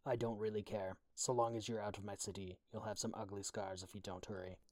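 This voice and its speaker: A man's voice: on the low side, flat delivery, a little fast, dry recording, lightly acted. A man voicing a cold, threatening young woman who talks in curt, level threats, read as a storybook audiobook. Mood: menacing.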